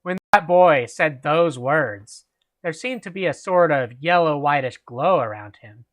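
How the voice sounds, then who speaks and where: A man's voice: a little high, lively intonation, unhurried. A man hosting a reading of a fan story aloud, chatting and laughing with friends between passages. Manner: amused, laughing reader. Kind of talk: reading aloud and casual chat.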